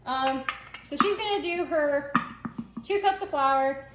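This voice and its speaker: High-voiced chatty woman in an echoey kitchen. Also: slow, heavy background noise. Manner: chatty, joking, lots of "like" fillers. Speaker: cooking vlog host. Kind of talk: casual cooking chat. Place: home kitchen.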